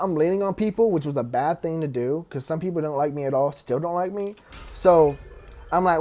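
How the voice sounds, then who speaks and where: A man's voice: fairly high pitch, fast talker, a little mellow. A young man casually telling a story time, rambling with lots of fillers, restarts and laughs.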